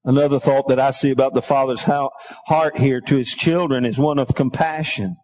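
A man's voice: mid-range voice, fairly even intonation, normal speed, darkish tone, rough recording. A middle-aged man preaching a sermon, reading scripture aloud and calling on the congregation, his voice lifting into a sing-song lilt when stirred. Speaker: pastor.

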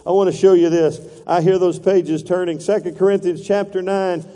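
A man's voice: high-pitched, little pitch movement, moderate pace, warm tone, long reverb tail. A man preaching a sermon as pastor, calling for congregation responses and acting out voices.

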